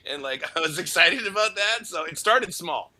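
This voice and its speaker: A man from Canada, a voice actor guest, telling stories in a casual interview, playful and quick to slip into voices. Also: high voice. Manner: animated, playful, breaks into voices.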